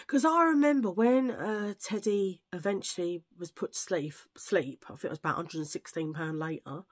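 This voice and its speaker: A woman's voice: lowish voice, moderate pace. A woman chatting casually to camera, rambling from one tangent to the next. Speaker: vlogger. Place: at home filming under a ring light.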